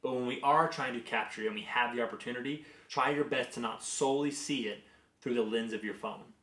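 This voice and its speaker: A man in his thirties, a business executive, sharing career lessons through earnest, conversational personal stories. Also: fairly low pitch. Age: 30s. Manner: conversational, earnest, animated in anecdotes. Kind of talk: reflective personal storytelling and advice. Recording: roomy echo.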